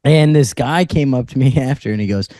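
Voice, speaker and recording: A man's voice: mid-range voice, a little fast, no room sound, studio quality. A man co-hosting a comedy podcast, telling stories with lots of laughs. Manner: laughs often, animated storytelling. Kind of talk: casual chat.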